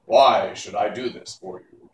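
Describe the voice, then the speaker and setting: A man's voice: on the low side, measured pace, reverberant, distant mic, slight background noise, natural voice, low-quality recording. A man reading aloud and voicing a lovely winged lady ruler who speaks in a grand, cold, demanding way. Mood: imperious. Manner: grand, imperious.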